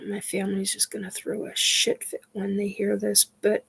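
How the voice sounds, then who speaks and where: A woman hosting a casual spiritual chat, talking in a halting way with many fillers and sighs, her nose stuffed up from crying. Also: medium pitch, monotone, gravelly, breathy edge. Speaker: host.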